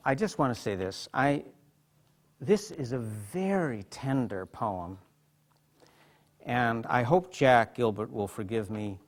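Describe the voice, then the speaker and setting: A man giving a lecture as a psychotherapist, speaking with heartfelt feeling and dropping soft and quiet in tender passages. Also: medium pitch. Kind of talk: emotional lecture with literary readings. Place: hospital lecture hall.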